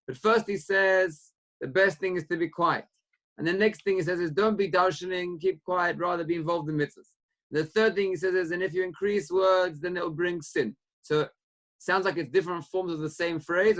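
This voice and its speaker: Male rabbi, Torah lecture; fairly high-pitched, animated questioning delivery with Hebrew terms. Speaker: rabbi teaching a class.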